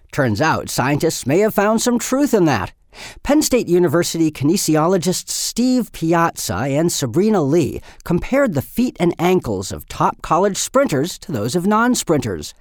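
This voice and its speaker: A man's voice: fairly high pitch, dry recording, clean studio sound. A man hosting a science news podcast, reading a scripted rundown of the stories. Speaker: podcast host.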